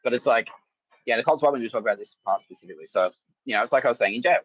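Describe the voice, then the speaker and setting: A man hosting a comedy podcast, telling a rambling story with lots of swearing, laughter and loudly acted-out quotes. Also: medium pitch, very fast, husky, dry recording, dull audio. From Australia. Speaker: podcast host.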